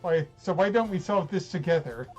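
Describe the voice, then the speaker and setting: A formal, brooding male prosecutor from a video game, read by a man. He speaks in a measured, even-tempered way in a fairly high voice, faint music under him. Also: muffled recording. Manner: measured, formal inner monologue. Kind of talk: reading game dialogue aloud.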